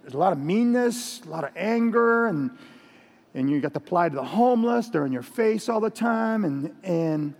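A man preaching at an evening church service, talking loudly and telling jokes in a chatty, laughing way. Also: high voice, animated, moderate pace, in a large hall. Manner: loud, chatty, laughing storyteller. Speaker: pastor. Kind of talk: sermon with jokes.

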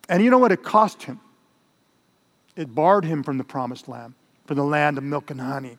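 A man's voice: on the high side, moderate pace, pauses often. Older male preacher in a reverberant hall. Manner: conversational preaching with Spanish asides. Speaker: pastor. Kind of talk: sermon.

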